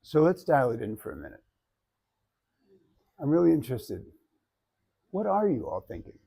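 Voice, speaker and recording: A man teaching public speaking to a live class in an energetic, conversational way, often checking in with "right?". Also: mid-range voice, normal speed, creaky, husky. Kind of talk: classroom lecture.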